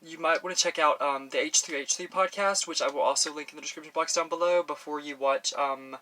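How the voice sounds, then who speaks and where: A man from Texas rambles casually to camera as he does his makeup, talking in a slightly high, bright voice full of fillers and restarts. He is recorded on a professional mic. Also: fairly even intonation, brisk. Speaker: beauty vlogger. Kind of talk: casual chat while doing makeup. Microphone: professional audio on camera.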